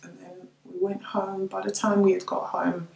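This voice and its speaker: A middle-aged woman telling of her daughter's death, halting and tearful, repeating her words. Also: medium pitch, flat delivery, vocal fry, a little mellow, roomy sound, slight background noise, rough recording. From United Kingdom. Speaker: bereaved mother sharing her story. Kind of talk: personal testimony to camera.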